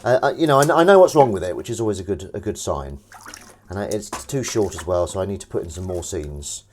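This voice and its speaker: A deep, darkish male voice with lively intonation talks fast as he washes up on stream. Chatty and teasing, he rambles at his chat between chores, while water runs and dishes clatter amid slight background noise.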